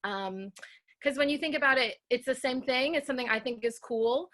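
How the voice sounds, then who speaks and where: A woman comedian doing a deadpan stand-up bit and banter, with a hesitant delivery full of ums. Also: sits high, moderate pace. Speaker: comedian guest.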